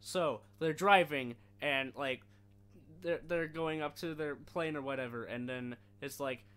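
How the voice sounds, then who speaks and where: A man's voice: on the high side, a little slow, a bit bright, clear, resonant tone. A young man co-hosting a podcast, chatting casually and joking around. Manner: playful, joking. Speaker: podcast co-host. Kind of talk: casual chat.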